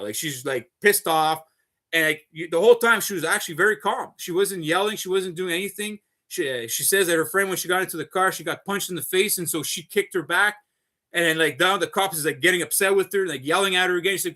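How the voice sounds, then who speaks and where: Guy ranting on a livestream, high bright voice, swears a lot, rambles and keeps saying folks. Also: fast. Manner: profane, rambling, repeats himself, keeps addressing viewers as folks. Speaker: live streamer. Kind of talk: unscripted ranting monologue.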